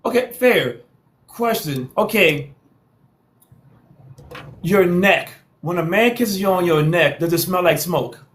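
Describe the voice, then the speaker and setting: A man's voice: high-pitched, lively intonation, slow, long pauses, fairly bright tone. A man hosting a live call-in panel show, talking in a slangy, teasing way and repeating lines for effect. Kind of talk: casual live-stream talk.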